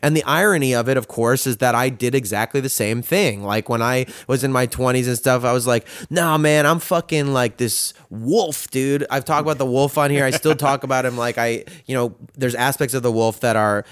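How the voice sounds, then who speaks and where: A man's voice: medium pitch, a little fast, hardly any pauses, clear, resonant tone, no room sound, studio quality. A man in his thirties hosting a podcast, talking candidly in a rambling, self-reflective way with plenty of swearing. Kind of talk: candid conversational chat.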